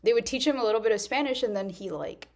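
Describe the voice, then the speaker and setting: A woman's voice: fairly high pitch, fast talker, a little mellow. A woman from Mexico, an actress, chatting casually in a vlog, rambling and laughing often. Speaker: actress and content creator.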